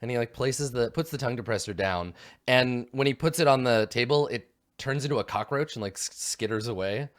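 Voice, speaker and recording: A man's voice: medium pitch, brisk. A man narrating a tabletop game as game master, rambling with many fillers.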